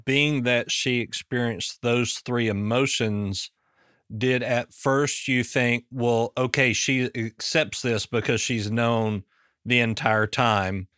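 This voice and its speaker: Smooth-voiced man asking probing questions. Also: medium pitch, steady tone, slow, fairly bright tone, no echo, studio quality. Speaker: interviewer. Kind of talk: interview questioning.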